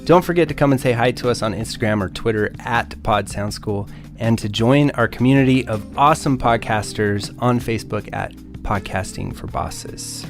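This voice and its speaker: A man's voice: lowish voice, normal speed, few pauses. Podcast producer, man, jokey and teasing, faint music under the talk. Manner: jokey, laughs easily, teasing. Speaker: podcast producer and creative director. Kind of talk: casual co-hosted podcast chat.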